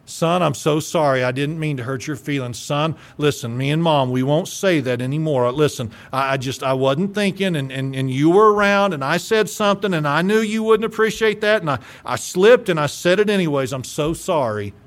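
A man's voice: on the high side, animated, normal speed, few pauses. A man playing a timid father who stammers and pleads as he apologizes to his grown child. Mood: apologetic.

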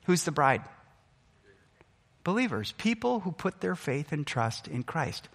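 A man's voice: fairly high pitch, sing-song, a little slow, vocal fry, fairly bright tone, slightly rough. A middle-aged man preaching a sermon as pastor, earnest and emphatic, his delivery rising and falling. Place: church sanctuary. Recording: long hall reverb.

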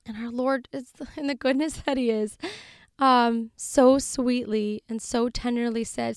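A woman's voice: a little high, steady tone, slow, smooth, no room sound, clean studio sound. A woman in her thirties hosting a faith podcast, telling a personal story in an earnest, heartfelt, tender way. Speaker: podcast host.

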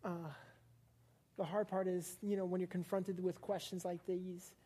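A woman's voice: lowish voice, flat delivery, measured pace, mellow, slightly rough. A young woman giving a casual, playful sermon to a live congregation, chatting with them, laughing often and acting out little scenes. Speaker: preacher. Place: church service before a live congregation.

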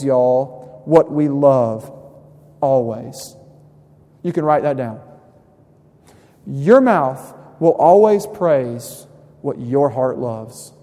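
A young man preaching a sermon. He talks in a conversational way, drops to soft asides and then rises into emphasis. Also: high-pitched. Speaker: pastor. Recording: long hall reverb.

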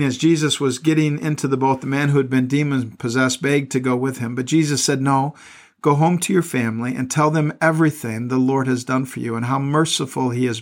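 Middle-aged guy preaching, reads the bible passage then chats about it, earnest, bit of stumbling and repeating. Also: medium pitch. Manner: earnest, stops to add plain commentary, repeats words. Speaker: pastor. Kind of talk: sermon with scripture reading.

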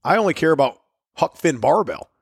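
A man's voice: fairly high pitch, very animated, a little fast, vocal fry, slightly rough, dry recording, clean studio sound. Blunt, defiant podcast co-host man. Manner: blunt, defiant, swears freely. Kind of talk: casual chat.

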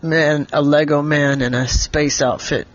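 A man making up a bedtime story for a child, gentle and patient, explaining things simply. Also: on the high side, steady tone, unhurried, no echo, highs cut off.

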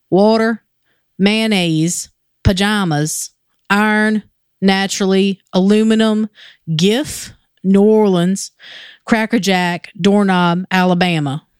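A woman hosting a podcast, chatting casually, slow and drawling, swearing freely. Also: mid-range voice, clear, resonant tone, no room sound, clean studio sound. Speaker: podcast host. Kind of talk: casual chat.

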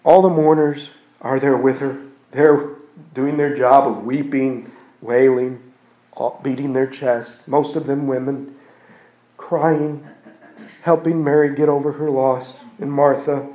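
A man preaching a sermon in a church. He builds phrases with repetitions and restarts, and swings from loud emphatic peaks down to near-hushed passages. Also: medium pitch, fairly even intonation, slow. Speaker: pastor. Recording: echoey room.

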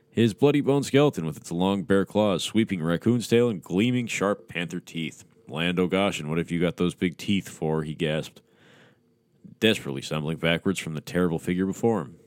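A man with a very low voice reads a horror story aloud, breaking in with crude, mocking asides. The sound is close and dry, with no room around it. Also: no room sound. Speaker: podcast host. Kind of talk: sardonic horror story reading.

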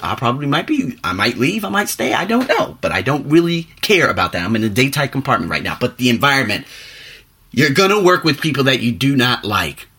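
A young man talks straight to his viewers in a loose, rambling motivational vlog. His husky voice has a bright, forceful edge, and his pitch swings widely as he leaps up high to stress a point. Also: fairly quick. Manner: animated, rambling, pitch jumping up for emphasis. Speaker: vlogger and teacher. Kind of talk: casual motivational monologue.

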